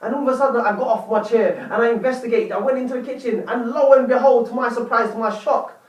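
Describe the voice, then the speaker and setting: A young man vlogging, telling a story to his viewers in a dramatic, animated way. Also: extremely high pitch, fast, echoey room, distant mic, low-quality recording. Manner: animated, dramatic retelling with repeated "lo and behold". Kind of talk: casual storytelling to camera.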